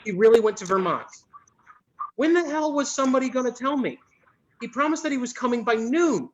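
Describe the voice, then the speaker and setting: A put-upon young store clerk, exasperated and quick to say sorry, read aloud by a man. His voice sits high and swings widely. The sound is muffled and lo-fi. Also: lively intonation. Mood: flustered. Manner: exasperated, cursing, quick to apologize. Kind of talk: live script reading.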